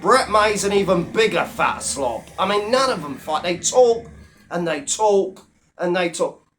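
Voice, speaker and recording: This online commentator rants to his viewers with a high, fairly bright, animated voice at a measured pace, and a little hiss or hum sits in the recording. He's blunt and swears constantly, keeping a mocking, contemptuous tone toward those he attacks.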